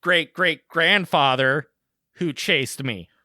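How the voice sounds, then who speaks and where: A man co-hosting a podcast, telling a casual story in an animated way and acting out other people's lines. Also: on the high side, slow pace, no echo, clean studio sound. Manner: animated storyteller, acts out shouted quotes. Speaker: podcast co-host.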